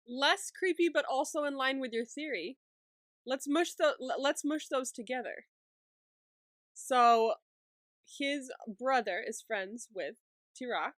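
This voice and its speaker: A woman's voice: high voice, a bit bright, no room sound, studio quality. A woman co-hosting a podcast, chatting casually with playful, joking reactions. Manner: playful, quick reactions and jokes. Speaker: podcast co-host. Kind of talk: casual recap chat.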